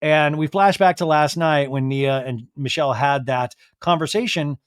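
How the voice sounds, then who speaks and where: A man hosting a podcast who recaps a reality show in a chatty, animated way and often mimics the people he quotes. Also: fairly high pitch, moderate pace, smooth, no room sound, clean studio sound. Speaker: podcast host.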